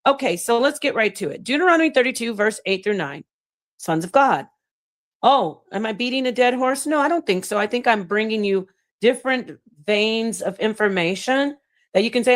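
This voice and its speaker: A woman's voice: a little high, normal speed. A woman hosting her own channel, teaching on scripture in a casual, emphatic way, reading passages aloud and talking straight to her viewers. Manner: animated, emphatic, reads excerpts aloud and thanks viewers. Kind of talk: casual livestream-style teaching and commentary.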